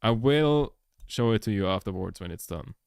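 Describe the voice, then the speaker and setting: Low-voiced man rambling casually. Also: animated, normal speed, darkish tone, smooth, dry recording, studio quality. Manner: rambling, swears a lot, laughs often. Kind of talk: casual chat while editing. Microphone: laptop microphone.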